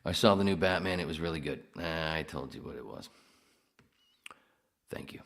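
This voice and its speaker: Very deep gravelly man chatting. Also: normal speed, a bit bright. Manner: profane, rambling, reads out chat comments. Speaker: podcast host. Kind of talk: casual solo livestream chat.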